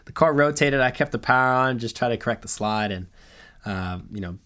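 A man's voice: medium pitch, brisk, clear, resonant tone. A young man casually telling a long story, acting out quoted dialogue along the way. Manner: animated anecdote with quoted dialogue.

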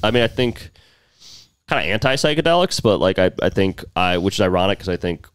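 A male comedian in casual podcast banter, animated and quick to slip into impressions, recorded in a home garage. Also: deep voice, clean tone, no echo. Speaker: comedian guest.

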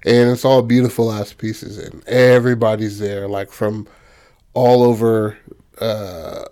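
A man's voice: fairly low pitch, flat delivery, a little slow, mellow. A man casually retelling a story in loose, rambling talk, full of fillers and profanity. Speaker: filmmaker describing his film. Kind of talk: casual chat.

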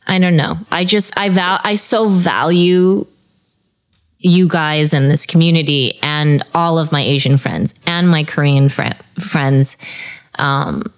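Low-pitched woman, young adult, emotional, rambling, laughing, podcast guest. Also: takes it slowly. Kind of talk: casual chat.

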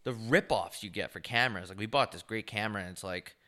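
Young male podcast co-host, bright tone, crude joking banter. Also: fairly low pitch, quick pace.

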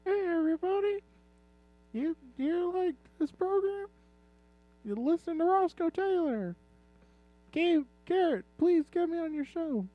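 A man doing a shrill, squeaky wannabe guest who pleads and whines for a spot on the show. The voice comes through dull and lo-fi, as if from a distance. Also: expressive, measured pace, long pauses. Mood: pleading. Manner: whiny, begging. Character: high squeaky pleading man begging for airtime.

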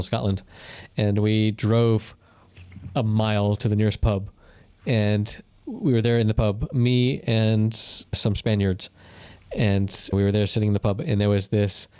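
A man co-hosting a podcast, telling stories in casual chat and jumping up in pitch when he quotes people. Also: no room sound, dull audio. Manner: animated storyteller, jumps up in pitch for quoted voices. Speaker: podcast co-host.

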